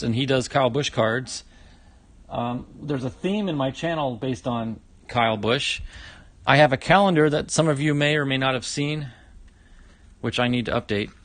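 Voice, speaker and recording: A man's voice: mid-range voice, fairly bright tone, dry recording. A middle-aged man hosting a casual livestream, opening fan mail, chatty and exclaiming often.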